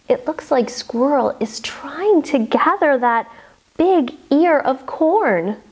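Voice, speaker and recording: A woman leading a children's yoga storytime, guiding gently and playfully. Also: high voice, animated. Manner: gentle, playful, slow sing-song guiding. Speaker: kids' yoga story teacher.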